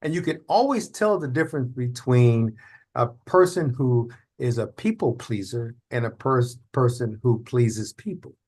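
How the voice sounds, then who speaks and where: Male podcast host, mid-pitched, thoughtful explainer, conversational delivery. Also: measured pace, darkish tone. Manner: reflective, explaining with acted examples.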